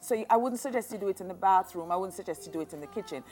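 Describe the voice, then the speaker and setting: A woman's voice: medium pitch, racing, darkish tone, soft background music. A woman interior designer, explaining decor steps emphatically in casual chat.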